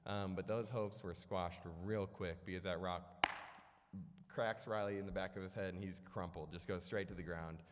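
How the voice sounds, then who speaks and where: In an echoey church hall with long reverb and heavy background noise, a young Illinois preacher delivers a storytelling sermon. His low voice keeps a fairly even intonation at normal speed as he rambles casually, using many fillers and jokes at his own expense.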